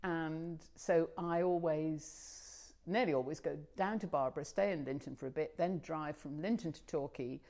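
A woman's voice: low-pitched, moderate pace, a little mellow. An older woman being interviewed for an oral history, talking in a chatty, rambling way with frequent restarts and fillers.

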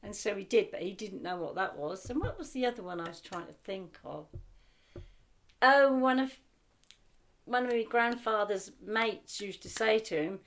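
A woman's voice: medium pitch, moderate pace. An older woman with a Norfolk accent, reminiscing chattily in an interview and acting out what people said to her. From Norfolk, England. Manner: chatty, anecdotal, animated when quoting people. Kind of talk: casual reminiscing conversation.

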